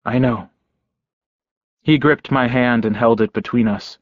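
A man narrating a novel in first person, quiet, measured and intimate. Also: mid-range voice, no room sound. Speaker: audiobook narrator. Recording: dull, dry lo-fi recording.

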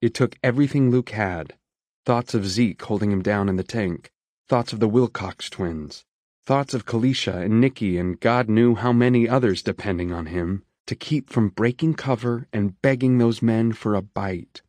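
Low-voiced male audiobook narrator, dry. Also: moderate pace, darkish tone, no room sound. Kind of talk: scripted narration.

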